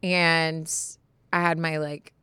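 A woman's voice: deep voice, flat delivery, slow, pushed and bright, smooth. Giggly young woman, chatty podcast host. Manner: chatty, giggly, uses like a lot. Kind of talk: casual podcast chat with ad read.

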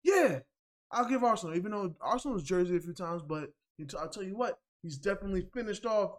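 Animated high-voiced New man. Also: quick pace. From New York. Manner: animated, laughing, mimics people. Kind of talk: casual chat.

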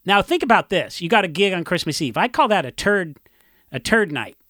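A man from Orange County, a punk musician, telling rambling, animated stories in a casual interview and acting out what others said. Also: high-pitched, fairly quick, dry recording, clean studio sound. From Orange County, California. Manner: rambling, animated storytelling with acted-out quotes.

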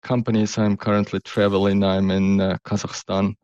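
A man's voice: lowish voice, little pitch movement, moderate pace, darkish tone, no echo, dull audio. A man as the interview guest, answering hesitantly with non-native phrasing. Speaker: guest, company founder.

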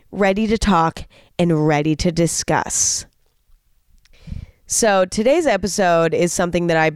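A woman's voice: lowish voice, smooth, no room sound, clean studio sound. A young woman hosting a podcast alone, talking in a candid, chatty way and swearing freely. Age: young adult. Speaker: podcast host. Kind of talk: casual solo podcast monologue.

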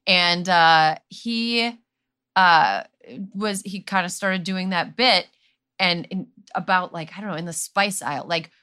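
A woman podcast host with a bright, clear voice. She keeps the talk casual and playful and laughs easily while telling stories. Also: on the low side, a little slow. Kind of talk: casual chat.

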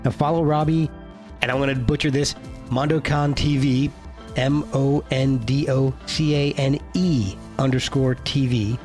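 A man's voice: mid-range voice, fairly even intonation, a little slow, a little mellow, faint music behind. A man hosting a podcast, introducing his guest in a chatty, joking way. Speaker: podcast host. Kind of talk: casual podcast intro and chat.

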